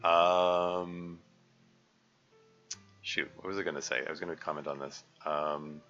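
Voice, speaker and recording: Rambling man with a bright tone. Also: sits low, steady tone, unhurried. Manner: rambling, hesitant, many fillers. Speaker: game developer streaming commentary. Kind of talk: casual live commentary. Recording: dull lo-fi recording with faint music.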